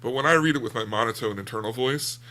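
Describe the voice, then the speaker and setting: A man with a gravelly voice, talking casually about a book on a podcast, rambling and self-deprecating. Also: mid-range voice, quick pace, sharp tone. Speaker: podcast co-host.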